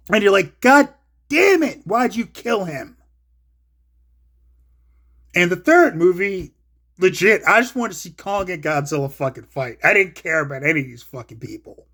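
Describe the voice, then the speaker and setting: High-voiced man on a profane movie rant. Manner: profane, excitable, swings from low mumbling to loud outbursts. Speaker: solo show host.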